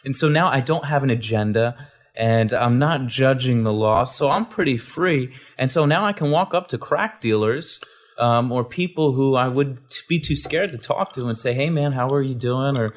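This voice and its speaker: Animated man telling a faith story. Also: mid-range voice, normal speed. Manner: animated storytelling, repeats words, acts out quotes. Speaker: guest.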